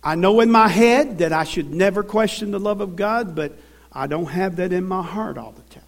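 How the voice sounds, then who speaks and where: A man's voice: high voice, normal speed. A man with a Southern US accent preaching a sermon in a church, telling folksy stories and calling for amens. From American South. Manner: folksy storytelling with call-and-response.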